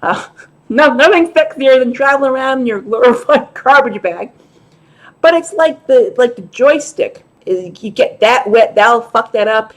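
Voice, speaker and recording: A woman with a high, bright-sounding voice chats straight to camera as host of her own show. She is frank and a bit profane, and she breaks off for laughing asides as she goes. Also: animated, unhurried. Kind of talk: casual talk to camera.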